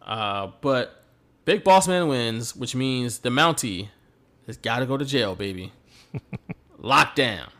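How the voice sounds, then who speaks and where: A man's voice: medium pitch, animated, slow pace, pauses often, a bit bright. A man hosting a podcast who tells stories animatedly and laughs often. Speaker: podcast host. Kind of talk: casual chat recapping wrestling.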